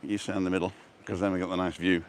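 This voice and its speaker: Very fast and flat, the low-pitched voice belongs to a vlogger walking a seafront promenade. He keeps it casual, chatting and reading viewer comments through a wireless lapel mic.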